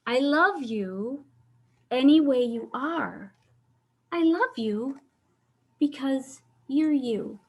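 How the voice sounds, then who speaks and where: A woman's voice: high voice, very slow, long pauses. A woman hosting a children's story time over a video call, reading a picture book aloud and asking the children questions. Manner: animated, asks children questions.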